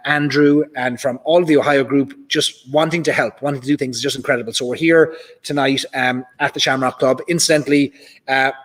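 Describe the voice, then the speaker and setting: A man's voice: medium pitch, fairly bright tone. A man with an Irish accent hosting a live whiskey stream, chatting casually and reading out viewer comments from a club hall. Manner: chatty, reads out viewer comments, many fillers. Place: large club function hall. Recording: reverberant hall.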